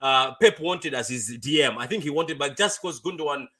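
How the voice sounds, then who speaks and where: A young fan-channel host runs a casual live football reaction stream, chatty and quick to laugh, his voice on the high side with lively intonation and a sharp tone. He reads viewer comments aloud and repeats his phrases.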